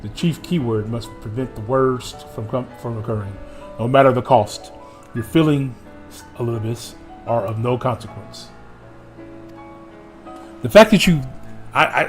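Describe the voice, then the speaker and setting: A man streaming a video game who reads the cutscene dialogue aloud in a theatrical way and jokes with his chat between lines. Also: medium pitch. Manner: theatrical reading, playful asides to chat. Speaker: gaming streamer.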